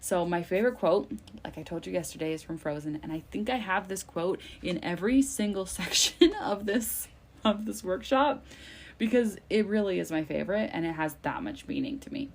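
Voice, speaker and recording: Gravelly-voiced chatty mom coach. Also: female voice, fairly low pitch, expressive, normal speed. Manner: chatty and upbeat, laughs often, fillers like "like" and "um". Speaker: self-care coach and workshop host. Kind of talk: casual live workshop talk. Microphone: livestream mic.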